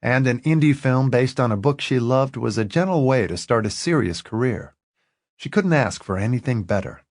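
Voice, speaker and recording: A man narrating an audiobook in an expressive, lively reading. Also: mid-range voice, moderate pace, no echo, clean studio sound.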